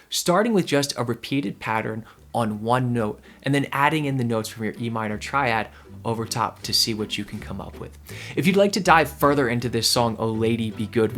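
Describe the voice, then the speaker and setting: A man's voice: medium pitch, fairly bright tone. A man teaching a ukulele lesson, explaining notes and accents, counting in the beat and singing the sounds of the notes. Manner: counts in and sings note sounds between explanations. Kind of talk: music lesson with counted-in play-along. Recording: ukulele playing in the background.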